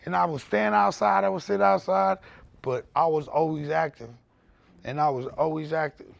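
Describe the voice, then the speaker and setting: A man speaking as a podcast guest, telling his story in loud, animated, candid conversation and swearing freely. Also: fairly high pitch, moderate pace, creaky, dry recording, highs cut off.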